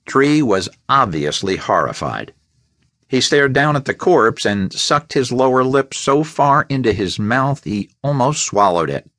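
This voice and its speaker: A man narrating a crime thriller audiobook in a measured, expressive way, on a close studio mic. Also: medium pitch, no room sound.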